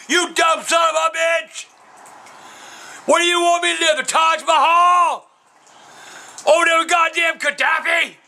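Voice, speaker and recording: A cranky old trailer-park man, played by a man rants through a comedy Q&A in a strikingly high, piercing voice. He swears constantly, rambles off topic and insults whoever asked the question. His delivery is bright and edged rather than gruff. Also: exaggerated voice, poor audio. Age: older. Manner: profane, rambling, insulting ranting. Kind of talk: comedic character Q&A.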